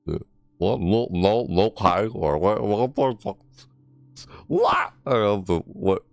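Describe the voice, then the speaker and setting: A man giving a casual, rambling commentary on a video game, full of fillers, his voice jumping high when surprised. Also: measured pace, creaky, a little mellow, dry recording. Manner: rambling, easily amazed, many fillers. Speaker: gaming YouTuber.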